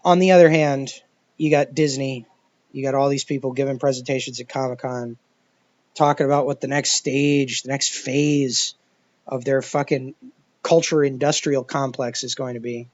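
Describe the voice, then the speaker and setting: A man's voice: mid-range voice, steady tone, normal speed, darkish tone. A man giving a profane, rambling commentary rant, exasperated and full of restarts. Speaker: video commentator. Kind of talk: ranting commentary monologue. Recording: dull lo-fi dry recording.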